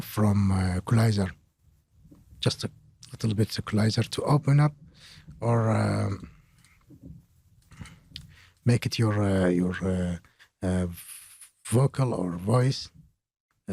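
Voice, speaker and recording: A man hosting an audio production tutorial, talking haltingly with many filler pauses as he explains plugins. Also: lowish voice, creaky, mellow, slightly rough, dry recording. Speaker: mixing tutorial host.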